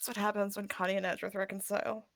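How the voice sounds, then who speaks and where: A woman's voice: mid-range voice, flat delivery, racing, a bit bright. A woman chatting playfully with other players during an online tabletop game. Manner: playful, laughs a lot.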